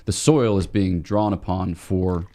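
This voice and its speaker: A priest from the eastern United States talking through ideas as a podcast guest, thoughtful and a little meandering. His voice is very deep and mellow, with a soft, dark tone. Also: unhurried. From United States, between Washington DC and Boston. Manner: thoughtful, explanatory, many fillers and restarts. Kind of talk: casual conversation.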